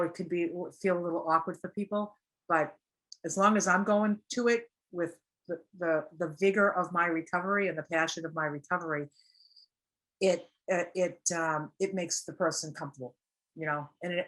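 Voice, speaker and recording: A woman's voice: fairly low pitch, fairly quick, fairly bright tone. A woman giving a casual teaching talk on recovery, earnest and plain, acting out little example quotes as she goes. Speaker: recovery speaker.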